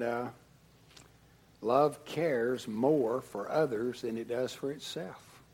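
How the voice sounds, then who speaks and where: A middle-aged pastor preaching a sermon, telling a family story and dropping from hushed asides to loud outbursts. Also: male voice, on the low side, breathy edge.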